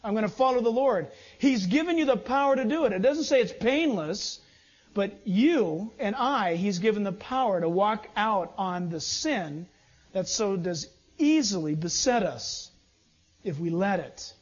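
A man preaching a sermon as pastor, animated, swinging between loud urging and low asides. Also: unhurried, slightly rough, highs cut off.

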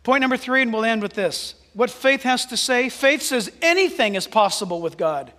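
A male pastor preaching a sermon, animated, dropping to hushed asides and rising to loud exclamations. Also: very high voice, normal speed, big-room sound.

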